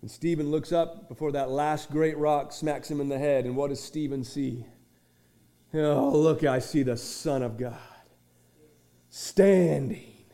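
A man preaching a sermon to his church. He moves between shouted, rising lines and quiet conversational asides, and he acts out small dialogues. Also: a little high, steady tone, a little slow. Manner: restarts and acts out little dialogues. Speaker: pastor.

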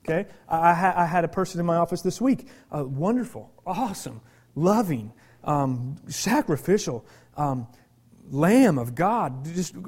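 A man preaching a sermon as pastor, animated, moving from quiet confiding talk to shouted emphasis. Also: a little high, normal speed.

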